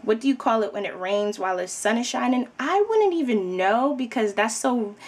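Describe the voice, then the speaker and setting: A woman's voice: a little high, lively intonation, normal speed. A young adult woman from New York with a New York accent, chatting casually to camera in a rambling way full of fillers. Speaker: vlogger.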